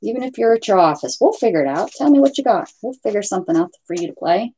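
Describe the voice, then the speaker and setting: Chatty woman with a husky voice. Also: medium pitch, expressive, fast, dark tone. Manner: chatty, rambling, talks to pets and viewers. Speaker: craft livestream host. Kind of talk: casual live chat with viewers. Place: at home.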